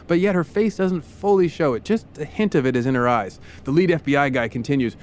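A man's voice: medium pitch, lively intonation, a little fast, few pauses, slight background noise. Playful man telling a true story. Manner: vivid, playful, acts out side characters with funny voices. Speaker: podcast host. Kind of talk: storytelling narration in second person.

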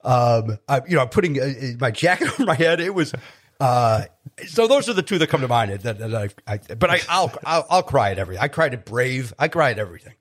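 A Chicago man, appearing as a guest comedian, tells stories in a casual chat, animated and self-deprecating, restarting often. His voice sits at medium pitch and he talks fast.

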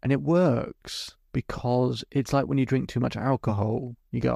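A man's voice: medium pitch, steady tone, normal speed, vocal fry, a little mellow, slightly rough, no room sound, clean studio sound. A man hosting a podcast as a hypnotherapist, telling a client's story in vivid detail and acting out both sides of the conversation. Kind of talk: storytelling monologue.

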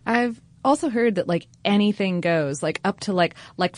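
A woman's voice: medium pitch, normal speed, hardly any pauses, no echo. A woman co-hosting a podcast in playful, enthusiastic casual chat. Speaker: podcast co-host.

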